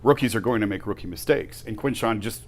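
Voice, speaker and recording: A man's voice: fairly low pitch, fast talker. A man co-hosting a sports talk show, pushing back on a colleague and reasoning his case point by point. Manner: argumentative, pushes back, reasons it through point by point.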